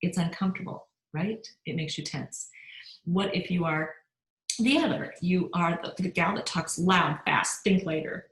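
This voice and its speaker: A middle-aged woman with a lowish voice speaks a little slowly, her talk carrying a roomy echo. She gives an upbeat, motivational sales training session, frequently putting questions to her audience.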